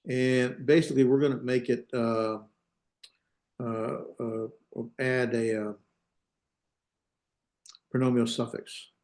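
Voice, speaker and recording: A man's voice: mid-range voice, level tone, slow, pauses often, darkish tone. A male teacher giving a classroom lecture on grammar, thinking aloud, hesitating and correcting himself as he goes. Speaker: Hebrew teacher.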